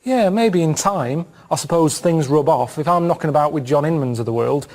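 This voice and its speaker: A man with a Northern English accent, chatting on a comedy podcast in a deadpan, rambling way. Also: on the high side, fairly quick. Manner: deadpan, rambling, plain-spoken. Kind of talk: casual comic chat.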